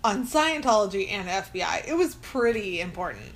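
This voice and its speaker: A woman's voice: medium pitch, very animated, moderate pace, poor audio. A woman co-hosting a casual podcast, chatty and teasing, laughing often. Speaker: podcast co-host. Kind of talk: casual chat.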